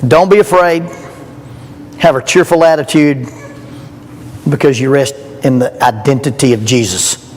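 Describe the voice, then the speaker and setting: A man's voice: mid-range voice, a little slow, long pauses, darkish tone. A man gives a joking, folksy storytelling sermon as a youth rally speaker in a church. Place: church hall. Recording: long hall reverb.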